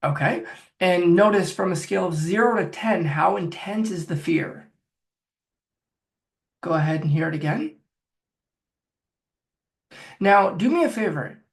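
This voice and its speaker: Gravelly-voiced man coaching a listener. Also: sits high, animated, unhurried, pauses often. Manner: directive, coaching, talks viewer through steps. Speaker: phobia coach. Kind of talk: guided self-help exercise.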